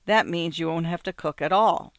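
A man reading an audiobook, voicing a cheerful, soothing older husband with a bright, lively delivery. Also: fairly high pitch, moderate pace, dry recording, clean studio sound. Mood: jovial. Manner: jovial, reassuring.

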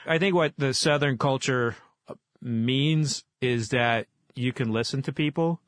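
Male guest from Oklahoma, mid pitch, animated casual storyteller, dry close studio mic. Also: a little slow, no echo. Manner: animated storyteller, lively with fillers. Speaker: guest, whiskey author. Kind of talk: casual interview talk.

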